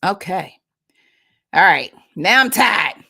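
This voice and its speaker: A woman's voice: lowish voice, lively intonation, takes it slowly, creaky, pushed and bright. A woman hosting her own livestream, chatting playfully and animatedly with her viewers. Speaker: livestream host. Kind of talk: casual livestream chat.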